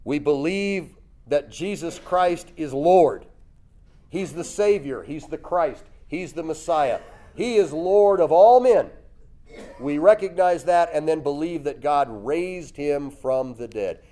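Man preaching a lively storytelling sermon. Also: a little high, takes it slowly. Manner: lively storytelling, acts out voices with loud jumps; chuckles often.

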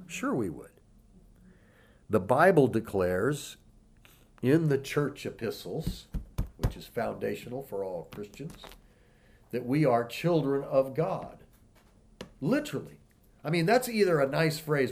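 A man delivers a sermon with a middle-pitched voice. He reads scripture aloud slowly and with weight, then eases into plain, conversational explanation. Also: sing-song, a little mellow, slight background noise. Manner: emphatic scripture reading, slowing for key words. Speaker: preacher.

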